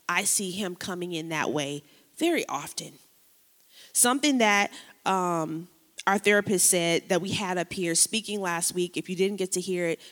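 A woman pastor preaching a sermon, moving between lively preaching, casual slang and quiet personal storytelling. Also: medium pitch, long reverb tail.

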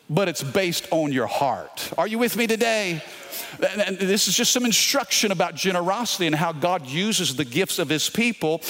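A man's voice: high-pitched, fairly bright tone. A middle-aged man with a Louisiana accent, preaching a sermon, telling a story and calling out to the congregation. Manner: storytelling with repetitions and crowd call-outs. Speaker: pastor.

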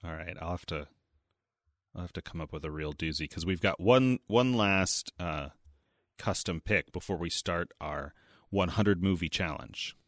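A man's voice: deep voice, moderate pace, no room sound, studio quality. A man co-hosting a podcast in casual chat, telling stories and quoting people in put-on voices. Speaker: podcast co-host.

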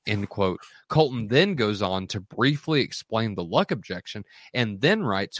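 A man with a low voice that swings widely in pitch, hosting a casual podcast talk. He reads quoted passages with lively emphasis. The sound is dry and close. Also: a little slow, few pauses, dry recording. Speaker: podcast host.

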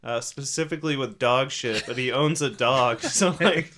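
A man's voice: mid-range voice, normal speed, fairly bright tone, slight background noise. A man telling stories in casual chat, laughing often and saying "like" a lot. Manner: laughing storyteller, lots of "like".

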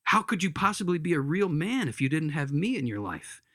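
A man's voice: fairly high pitch, very animated, fairly quick, fairly bright tone, voice pushed up. Man doing a wheedling, begging lizard. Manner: coaxing, begging. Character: wheedling male lizard of lust, sly and begging.

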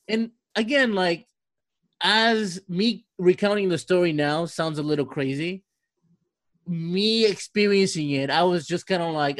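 A man's voice: high-pitched, no room sound. A man in a casual faith conversation, reflective and hesitant, often restarting his sentences.

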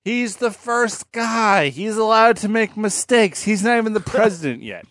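A man's voice: high voice, expressive, moderate pace, a bit bright, no room sound, studio quality. A young man co-hosting a casual podcast, dropping sarcastic one-liners. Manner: sarcastic quips. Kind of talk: casual chat.

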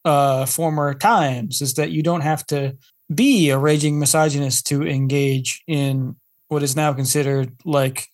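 A man chats on a casual podcast, quick and talkative, thinking out loud as he develops a point. His voice sits a little higher than most men's. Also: fairly even intonation.

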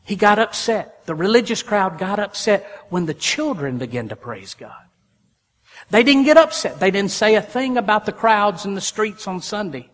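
A male pastor preaching a sermon in a folksy style, his voice swelling loud and then dropping soft. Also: high-pitched, lively intonation, moderate pace. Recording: long hall reverb.

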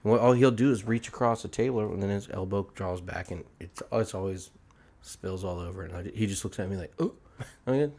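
A man's voice: deep voice, brisk, darkish tone. A man in his thirties hosting a casual podcast chat, blunt and laughing as he tells stories. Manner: blunt storyteller, swears, laughs often. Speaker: podcast host. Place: barbershop.

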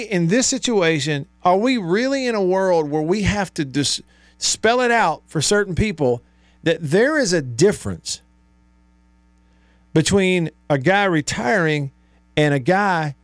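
Man hosting sports radio, animated and exasperated, slightly high voice, dry studio sound. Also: dry recording. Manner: animated, exasperated, rhetorical, rising to near shouts. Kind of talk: sports talk radio monologue. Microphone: studio microphone.

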